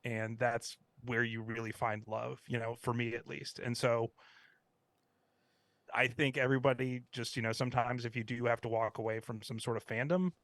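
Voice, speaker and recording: A man's voice: medium pitch, flat delivery, normal speed, fairly bright tone, no echo. A man co-hosting a casual podcast, reflective and earnest. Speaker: podcast co-host.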